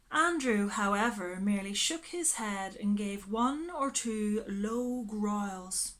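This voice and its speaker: Slow, bright woman reading a storybook. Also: medium pitch. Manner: slow and expressive.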